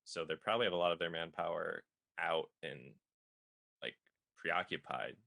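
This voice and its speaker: A man's voice: deep voice, moderate pace, creaky, pushed and bright, no room sound. A man playing a tabletop role-playing game, laid-back as he suggests a plan. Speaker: player.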